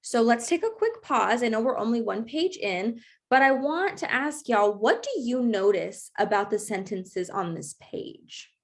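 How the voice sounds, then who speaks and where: A woman's voice: a little high, lively intonation, unhurried, few pauses. A young woman teaching an online class, encouraging and checking in often with her students. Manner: encouraging, checks in with frequent okays.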